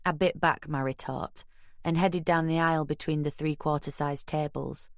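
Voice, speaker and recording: Low-voiced woman reading a crime novel, measured and a bit wry, dry close studio sound. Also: steady tone, no echo. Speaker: audiobook narrator. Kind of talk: scripted first-person audiobook narration.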